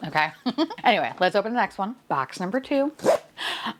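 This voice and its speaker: A woman's voice: lowish voice, very animated, moderate pace, noisy background. A woman chatting playfully as she unboxes toys on camera, swearing, laughing and dropping to whispers. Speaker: vlogger unboxing blind boxes. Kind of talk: casual unboxing chat.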